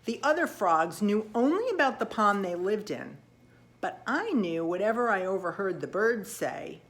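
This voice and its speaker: A woman narrating a children's storybook in the first person, with expressive, lively delivery. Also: medium pitch, moderate pace. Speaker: audiobook reader.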